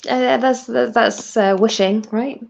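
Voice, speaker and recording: A woman in her thirties from Britain, hosting a live stream in casual chat, chatty and quick to laugh, often restarting her sentences. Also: on the high side, steady tone, vocal fry, a little mellow. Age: 30s. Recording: dull, lo-fi stream audio.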